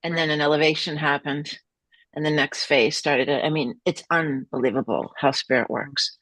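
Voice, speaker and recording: A woman's voice: sits low, fairly even intonation, normal speed, a bit bright, dry recording. A woman hosting a casual chat, affirming her guest and speaking about spirit and guides.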